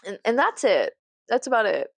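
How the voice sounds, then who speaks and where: A woman talking straight to camera in a casual vlog, her pitch leaping up and down as she rambles. She sounds anxious, swears freely and laughs often. The room sounds dry, with the mic close. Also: big pitch swings, normal speed, vocal fry, no echo. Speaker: vlogger.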